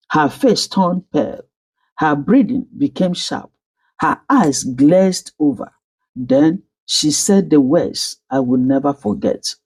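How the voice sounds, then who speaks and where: A woman narrating a dramatic first-person story with slow, emotional delivery. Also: deep voice, darkish tone, husky.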